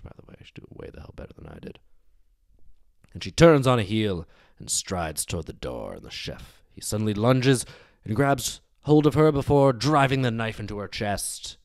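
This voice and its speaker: A man hosting a storytelling show, narrating a dark tale casually with wry, digressive asides. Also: lowish voice, sing-song, moderate pace, no room sound, studio quality. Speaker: storyteller host.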